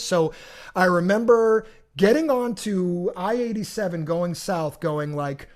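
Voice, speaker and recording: High-voiced man telling a rambling story. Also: normal speed. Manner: animated, rambling, restarts and repeats words. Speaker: podcast host. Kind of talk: casual storytelling.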